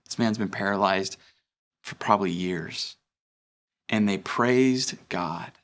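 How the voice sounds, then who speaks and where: A man's voice: fairly low pitch, takes it slowly, pauses often, fairly bright tone. A young adult man, a pastor, giving a conversational sermon with fillers and restarts.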